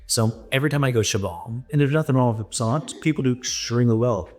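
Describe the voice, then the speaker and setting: A man from Texas, a podcast guest telling stories in an animated way and acting out dialogue. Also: medium pitch, quick pace, faint music behind. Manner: animated, acts out dialogue in voices. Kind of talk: storytelling anecdote.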